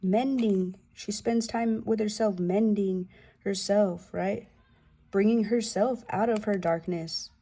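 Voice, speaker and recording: Woman, tarot reader, casual and profane, slangy, husky, slow-paced. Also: medium pitch, fairly even intonation, mellow. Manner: loose and profane, slangy asides.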